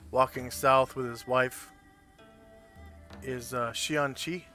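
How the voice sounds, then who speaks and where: A man narrating a tabletop game as game master, describing scenes in an unhurried, loosely improvised way. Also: medium pitch, bright, forceful tone, faint music behind.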